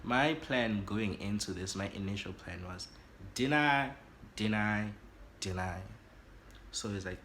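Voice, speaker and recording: A South African man telling an animated, dramatic story for his vlog, switching languages. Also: lowish voice, measured pace, pauses often, slight background noise. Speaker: YouTuber.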